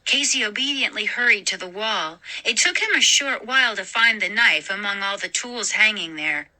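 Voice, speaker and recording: A woman host narrating a scary story in a slow, dramatic reading. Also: mid-range voice, bright, forceful tone, poor audio.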